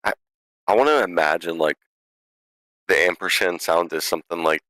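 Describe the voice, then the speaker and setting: A man chatting as a tabletop game player, joking and teasing, quick to laugh. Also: deep voice, pushed and bright, no room sound. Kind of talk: casual podcast chat.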